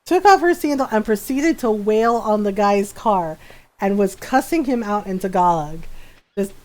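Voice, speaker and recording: A woman's voice: mid-range voice, lively intonation, normal speed, a little mellow. A woman streamer chatting casually while gaming, telling a family story with lots of laughs, fillers and tag questions. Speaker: game streamer.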